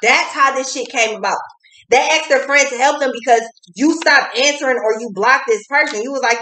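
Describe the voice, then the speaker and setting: Woman reading tarot, kinda high voice, swears a lot, repeats stuff, echoey room. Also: brisk, pushed and bright. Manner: blunt, profane, repeats phrases for emphasis. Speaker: tarot reader.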